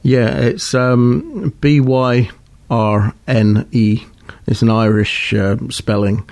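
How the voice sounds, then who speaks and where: A man's voice: medium pitch, takes it slowly, a little mellow. A man in casual chat, talking hesitantly with frequent restarts.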